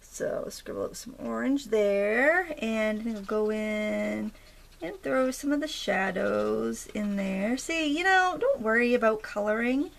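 A creaky, fairly high-pitched woman's voice, expressive and measured in pace, leads a casual home craft demo. She's a craft tutorial host from Maine with a light accent, chatting, joking and thinking aloud while she works.

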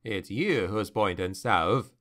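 A man voicing a fatherly male mercenary colonel with a Scottish accent, speaking gently and dryly. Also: lowish voice, lively intonation, slow, voice pushed down. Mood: gentle.

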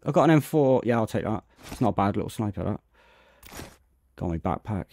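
A man's voice: on the low side, expressive, fairly quick, gravelly, darkish tone. A British man live-streaming a game, chatting casually and greeting viewers by name as he plays. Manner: greets chat viewers by name between gameplay remarks. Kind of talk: casual live-stream chat while playing.

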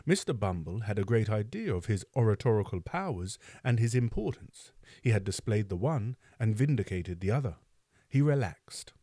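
A man narrates a classic novel aloud as host of a live book reading. His storytelling is measured and expressive, with a lively, varied pitch and a dark, mellow tone. The recording is close and dry. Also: dry recording.

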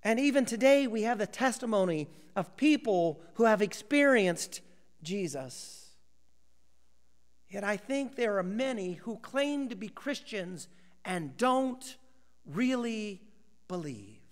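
Animated high-pitched pastor preaching in a hall. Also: male voice, takes it slowly. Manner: dramatic, acts out voices of biblical characters. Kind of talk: sermon.

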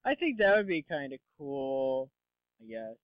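A man's voice: medium pitch, very animated, unhurried, dry recording. A young man giving casual, rambling gameplay commentary, full of sarcastic asides and swearing. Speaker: let's play commentator. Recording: dull lo-fi dry mic.

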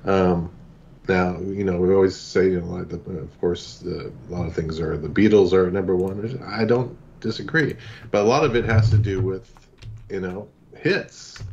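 Deep-voiced male podcast panelist, halting and casual, muffled lo-fi audio with faint hiss. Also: darkish tone. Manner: hesitant, many fillers and restarts. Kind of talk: casual chat. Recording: dull lo-fi line with faint noise.

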